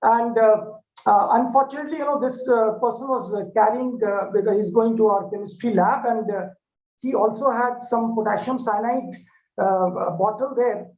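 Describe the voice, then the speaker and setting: A man's voice: high voice, darkish tone. A man putting on a flustered panting stranger. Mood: urgent. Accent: Indian English. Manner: hesitant, full of "uh" pauses. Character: panting male stranger, urgent and fussy. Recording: echoey dull lo-fi hall recording.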